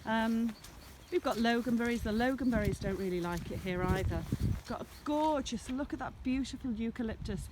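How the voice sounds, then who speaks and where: A chatty woman with a slightly high voice walks through her farm fields, filming herself on a handheld camera. She talks in a meandering, affectionate way about her plants and animals. Faint rural sounds carry on softly behind her in the open air. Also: normal speed, few pauses, noisy background. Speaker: shepherdess showing her smallholding. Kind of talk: casual walking tour vlog.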